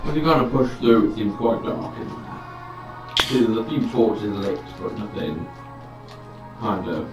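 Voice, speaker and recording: A man narrating a tabletop game as game master in a relaxed, descriptive way. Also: lowish voice, unhurried, distant mic. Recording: roomy, from afar, music behind.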